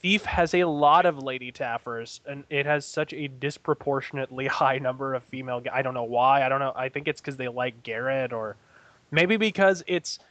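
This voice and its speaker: A man's voice: medium pitch, moderate pace, a bit bright, dry recording. A man in casual podcast chat, wry and a little grandiloquent, chuckling mid-sentence. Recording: dull lo-fi audio.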